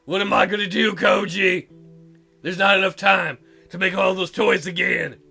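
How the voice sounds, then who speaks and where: A man's voice: high-pitched, steady tone, normal speed, vocal fry, sharp tone, husky, faint music behind, heavily acted. A man voicing a clumsy, tearful young woman Santa in a visual novel, wailing and full of self-pity. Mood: despairing. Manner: sobbing, wailing and self-pitying. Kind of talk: reading a visual novel aloud.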